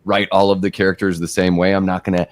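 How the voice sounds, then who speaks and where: A man with a very deep voice weighs in on a movie panel in a measured, thoughtful way. The recording is dry, with no room sound. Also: little pitch movement, dry recording. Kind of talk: casual movie discussion.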